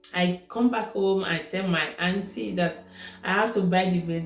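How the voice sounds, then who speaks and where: A woman with a Nigerian accent telling a personal story in a casual, conversational way. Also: fairly low pitch. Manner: conversational, repeats herself. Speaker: vlogger. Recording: echoey room with faint music.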